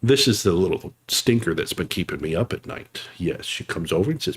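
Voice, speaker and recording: A man's voice: low-pitched, animated, a little fast, few pauses, husky. A man chatting casually on a live game stream, thanking viewers and laughing easily.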